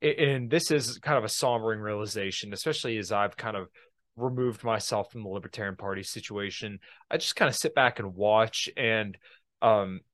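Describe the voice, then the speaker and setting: A man's voice: lowish voice, moderate pace, no room sound. A man hosting a podcast, chatting casually and joking in conversation. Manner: joking, relaxed chat. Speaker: podcast host.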